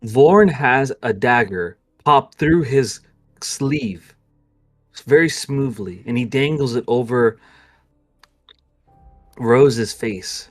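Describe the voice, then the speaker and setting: Man, game master, mid pitch, explanatory narration, hesitant. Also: slow pace, pauses often, soft background music.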